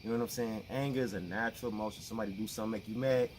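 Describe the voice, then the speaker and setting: A man's voice: lowish voice, steady tone, racing, a little hiss or hum. A man with explaining things in a casual, conversational talk to camera. He often repeats himself and acts out the people he quotes. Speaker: vlogger.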